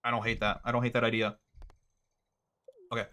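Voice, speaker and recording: A young man casually commentating his own gameplay, thinking out loud with a wry, chatty manner. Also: mid-range voice, flat delivery, fairly quick. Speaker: gaming streamer. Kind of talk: casual let's-play commentary.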